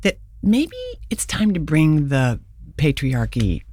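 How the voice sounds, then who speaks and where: A woman's voice: low voice, big pitch swings, slow pace, mellow, dry recording. An older woman, an actress and playwright, speaking earnestly and reflectively in a radio interview. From United States. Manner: earnest, reflective, with frequent restarts. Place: radio studio.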